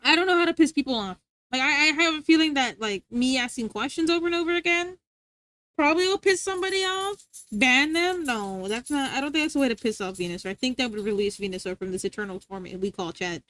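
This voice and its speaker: High-voiced woman rambling playfully. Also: fast talker, a bit bright. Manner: rambling and playful, trips over words and restarts; high sing-song voice when scolding her dog. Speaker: livestreamer chatting with viewers. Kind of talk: casual stream chat.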